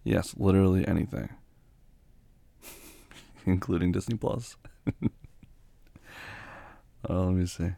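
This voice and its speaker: Gravelly man in a whispered role-play. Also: low voice, fairly even intonation, slow pace, long pauses. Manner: soft, tender and doting, with frequent quiet laughs and murmured hums. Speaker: ASMR role-play performer as caring boyfriend.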